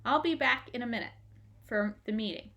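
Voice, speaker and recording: A woman's voice: a little high, moderate pace, gravelly, a bit bright, dull audio. A woman reading aloud, voicing an earnest, anxious young boy in a storybook. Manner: earnest, worried.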